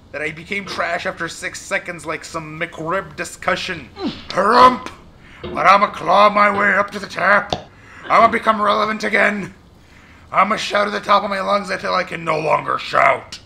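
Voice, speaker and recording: A man's voice: sits high, gravelly, sharp tone, slight background noise. Shrieking, swearing young man gaming. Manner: shrieking, swearing, silly made-up words. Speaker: gamer. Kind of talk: let's play commentary.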